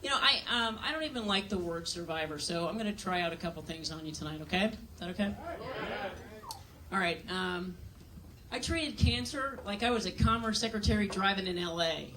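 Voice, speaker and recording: A woman's voice: medium pitch, lively intonation, brisk, recorded from a distance, background noise. A woman doing a stand-up comedy set on a club stage, telling dry, self-mocking stories and acting out other people's voices.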